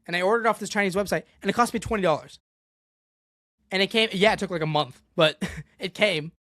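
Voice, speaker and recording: A man's voice: high-pitched, a little fast, a bit bright, no echo, studio quality. A young man hosting a solo sports podcast, ranting with exasperation and going off on tangents. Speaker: podcast host.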